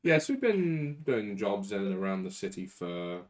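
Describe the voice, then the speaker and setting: A man's voice: on the low side, very animated, measured pace, a crowd in the background. A man playing a tabletop game, chatting and joking with the table. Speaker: player. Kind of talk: casual tabletop play.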